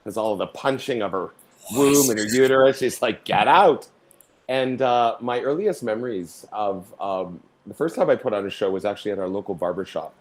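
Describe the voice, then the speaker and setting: A middle-aged Canadian stage performer, interviewed as a guest, tells his stories theatrically, acting out voices and singing lines. His voice is lowish and darkish, and he talks briskly.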